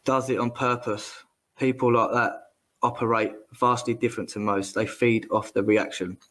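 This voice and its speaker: A man's voice: medium pitch, moderate pace. Slangy ranting man. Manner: animated, slangy, repeats himself. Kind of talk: ranting casual chat.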